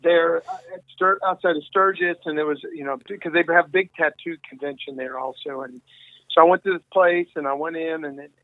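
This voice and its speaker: Male interview guest, rambling storyteller, dry phone-line audio, slightly higher voice. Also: steady tone, a little fast, no echo. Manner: rambling, many restarts and quoted dialogue. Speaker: guest musician.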